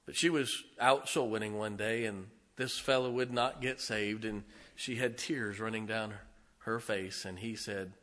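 A middle-aged male pastor preaching a sermon, telling folksy stories and swinging from loud declarations to hushed asides. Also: fairly low pitch, steady tone, a little slow.

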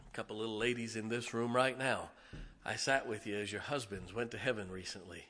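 A middle-aged man preaching a sermon to his church congregation, swinging from shouted emphasis to hushed, tender asides. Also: fairly low pitch, fairly even intonation, brisk. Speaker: pastor. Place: church sanctuary.

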